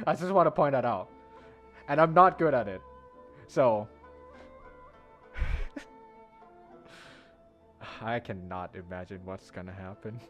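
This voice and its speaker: A man's voice: lowish voice, takes it slowly, pauses often, dull audio. A man streaming a game, chatting casually with viewers and laughing often. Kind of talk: casual live-stream chat. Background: faint lofi background music.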